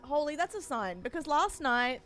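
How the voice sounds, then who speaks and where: A woman's voice: sits high, very animated, moderate pace, a bit bright, soft background music. A woman streamer chatting casually and emotionally, giggling, swearing freely and thanking her donors. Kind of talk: casual live-stream chat.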